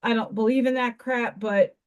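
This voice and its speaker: A woman's voice: on the high side, steady tone, normal speed, a little mellow. A woman hosting a casual live craft stream from home, chatting and rambling to herself as she works. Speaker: livestream host.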